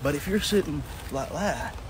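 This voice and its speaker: A man's voice: a little high, expressive, moderate pace, background noise. A man, a comedian teasing a friend in broken English in a skit.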